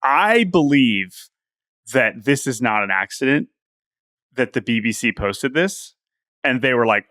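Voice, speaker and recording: Male co-host, easygoing banter, average pitch, close dry studio sound. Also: unhurried, long pauses, no echo. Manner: animated, laughs often, repeats words while thinking. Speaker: podcast co-host. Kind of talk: casual sports podcast chat.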